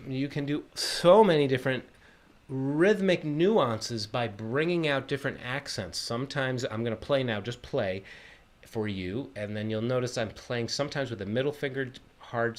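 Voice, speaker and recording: A man teaching a live online ukulele lesson, explaining patiently step by step and counting the beats aloud. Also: mid-range voice. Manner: friendly, greets viewers by name. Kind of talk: livestream music lesson.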